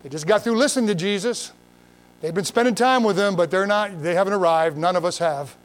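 With a high-pitched male voice and a brisk pace, this pastor delivers a folksy, emphatic sermon. He repeats himself, adds asides, reads from scripture, and addresses his listeners directly.

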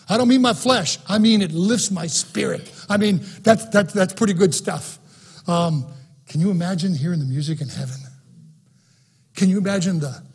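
Husky-voiced preacher man, high and fervent. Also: a little mellow. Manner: preaching with rising fervor, repeats phrases. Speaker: pastor. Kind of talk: sermon. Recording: broadcast sermon.

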